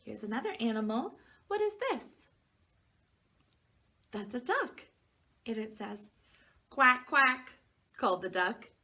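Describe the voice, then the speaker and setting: A woman preschool teacher reading a picture book aloud to young children. She asks them gentle questions, waits for their answers, and acts out the animal noises in a raised voice. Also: a little high, sing-song, a little slow, long pauses, slightly rough.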